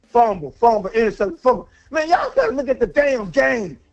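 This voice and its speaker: Furious high-voiced man ranting on a call-in. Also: sing-song, brisk, gravelly, faint music behind. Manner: angry, profane, repeats himself. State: worked up. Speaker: caller. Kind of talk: heated call-in rant. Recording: dull lo-fi call audio.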